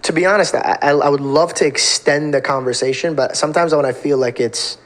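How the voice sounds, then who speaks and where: A young man hosting a podcast, relaxed and a little hesitant, often repeating words as he talks. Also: a little high, a little fast. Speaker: podcast host. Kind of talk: casual interview talk.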